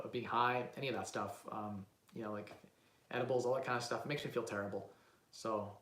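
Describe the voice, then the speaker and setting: A man's voice: mid-range voice, reverberant. A man, rambling animatedly through a casual live-stream Q&A as a real estate investing host. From Canada. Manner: rambling, animated, lots of "like" and "right?".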